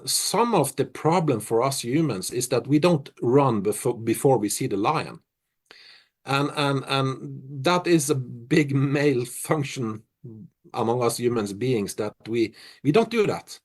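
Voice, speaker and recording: A middle-aged man from Norway, a musician answering interview questions in a reflective, halting way full of restarts. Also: medium pitch, expressive.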